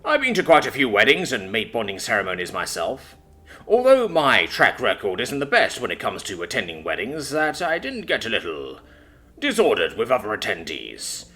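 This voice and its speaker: A man's voice: fairly low pitch, wildly swooping pitch, normal speed, pitched above the performer's own voice, full character voice. A man voicing an old alien captain who speaks to a young woman like a proud father, formal and heartfelt. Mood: fatherly. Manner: warm, formal, heartfelt speech. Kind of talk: audiobook character voice.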